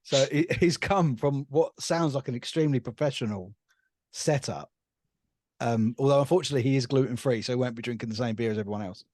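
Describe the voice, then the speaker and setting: A man's voice: mid-range voice, fast, darkish tone, no echo, clean studio sound. An easygoing, enthusiastic man from England, a guest on a casual sports podcast.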